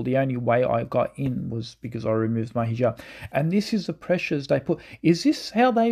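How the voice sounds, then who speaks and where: A man's voice: medium pitch, gravelly, dark tone, husky. A man giving spoken commentary on political clips, rambling with many fillers and laughing at his own points. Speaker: online commentator.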